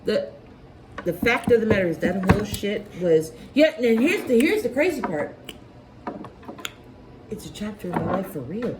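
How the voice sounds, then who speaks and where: A woman's voice: mid-range voice, big pitch swings, normal speed, pauses often. Agitated woman telling a story, echoey room. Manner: profane, agitated storytelling with many restarts. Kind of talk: heated casual conversation. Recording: echoey room with loud background noise.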